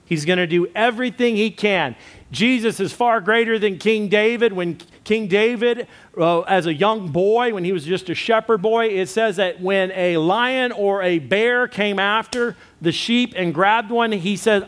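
Man preaching a sermon, slightly high voice. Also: measured pace, fairly bright tone. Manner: preaching with emphatic repetition and direct address. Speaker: pastor.

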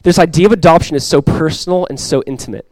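A young adult man preaching a sermon as pastor, earnest and repeating key phrases, often dropping to a soft, intimate tone. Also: fairly high pitch, fast, no echo, poor audio.

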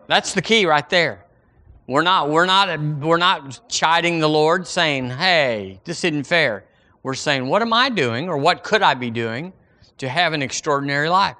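A man's voice: a little high, expressive, moderate pace, pushed and bright. A male pastor preaching a folksy, emphatic sermon, acting out imagined prayers to the Lord.

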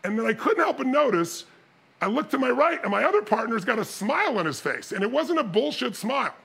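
A man giving a motivational seminar talk, telling stories with animated energy and bursts of shouting. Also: very high voice, brisk, vocal fry, slightly rough. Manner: animated storytelling, shouting and mimicking others. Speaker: motivational speaker.

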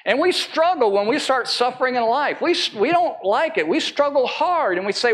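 Earnest pastor preaching a sermon. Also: male voice, very animated, a bit bright. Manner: earnest, slows right down on key phrases and climbs higher when pressing a point. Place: church service.

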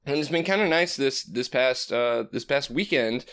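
A man's voice: mid-range voice, expressive, normal speed, a bit bright, clean tone. A man in his thirties co-hosting a podcast in casual chat, rambling and swearing, sometimes slipping into a put-on announcer voice. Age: 30s. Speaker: podcast co-host.

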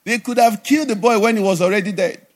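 High-voiced preacher. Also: male voice, quick pace. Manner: animated preaching with sudden drops to a low conversational voice and acted asides. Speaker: pastor. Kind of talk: sermon.

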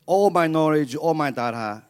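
A man from China with a Chinese accent, telling his story on stage in halting English and laughing often. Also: on the high side, lively intonation. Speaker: church guest. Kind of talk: on-stage testimony interview.

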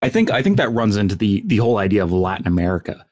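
Man, podcast talk, lowish voice, hesitant restarts, casual cursing. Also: sing-song, quick pace, a little mellow. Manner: thinks aloud, restarts, casual swearing.

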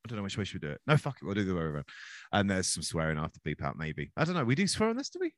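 A man's voice: deep voice, wildly swooping pitch, racing, dry recording, studio quality. A man hosting a podcast, rambling and joking in casual chat. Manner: rambling, jokey, self-deprecating. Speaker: podcast host.

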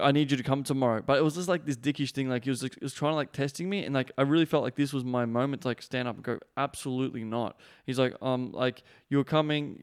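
A young man hosting a podcast, telling a story in a casual, blunt way, swearing freely and dropping lots of "like" and "man". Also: medium pitch. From Australia. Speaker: podcast host.

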